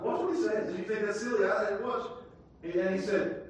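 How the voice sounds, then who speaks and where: A high-pitched male pastor delivers a sermon, his voice swinging between shouted appeals and low, hushed phrases. He sounds far from the microphone. The sanctuary around him echoes heavily. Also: steady tone, brisk. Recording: echoey room, distant from mic.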